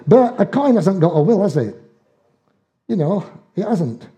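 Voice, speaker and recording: A man's voice: on the high side, big pitch swings, normal speed, dark tone. An older man preaching a sermon, telling homely stories in dialect with chuckles along the way. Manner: folksy storytelling with dialect and chuckles.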